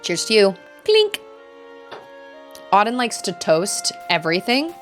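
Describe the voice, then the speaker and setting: A young woman streaming a video game and chatting casually with her viewers, giggling often and greeting them in high, bright bursts. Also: moderate pace, faint music behind. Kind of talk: casual live-stream chat.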